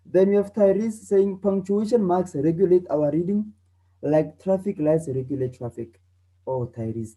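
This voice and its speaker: A teacher giving an online lesson, acting out the example exclamations loudly and often checking in with "okay?". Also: mid-range voice, rough recording. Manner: acts out exclamations loudly, tags lines with "okay?".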